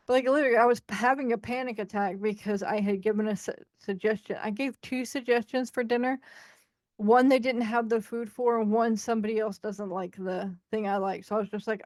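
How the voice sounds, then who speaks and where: A woman with a slightly raised voice tells her own stories candidly, animated and frank, slipping into other people's voices as she goes. Her sound is close and dry, with no room around it. She talks like a podcast co-host in easy conversation. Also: fairly high pitch, normal speed, no room sound.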